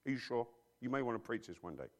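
Fast and very animated, this preacher speaks at a medium pitch. His sermon is blunt and emphatic, full of slang and questions thrown back at the audience.

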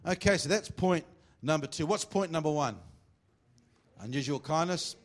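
Pitched a little high, a male pastor alternates between teasing the congregation with jokes and preaching emphatically. He takes scripture slowly and deliberately.

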